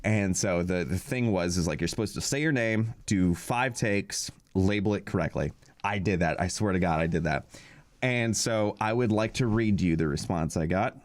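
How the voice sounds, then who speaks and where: A man's voice: low voice, moderate pace, no room sound. A young man co-hosting a podcast, telling a long story in a casual, rambling way, full of fillers and acted-out quotes. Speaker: podcast co-host.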